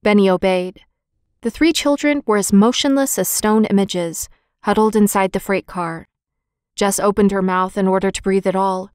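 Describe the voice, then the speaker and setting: A woman reads a children's book aloud, clear and expressive, at an even middle pitch. The recording is dry and close, with no room sound. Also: no room sound. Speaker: audiobook narrator. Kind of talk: scripted narration of a children's book.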